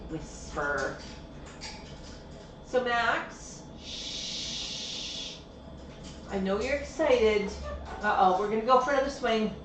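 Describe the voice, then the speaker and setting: A woman's voice: on the high side, normal speed, loud music behind the voice. A woman talking casually and coaxingly to her pet parrots during a live stream. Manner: coaxing, sing-song talk to birds. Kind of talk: casual talk to pet birds. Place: indoor room with pet birds. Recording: echoey room, voice from far off mic, faint hiss.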